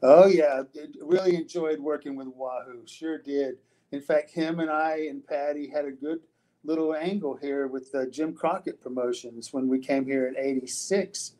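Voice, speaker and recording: A man's voice: a little high, steady tone, normal speed, warm tone, low-quality recording. An older man, a retired wrestler, answering interview questions in a loose storytelling way, with frequent restarts, fillers and casual swearing.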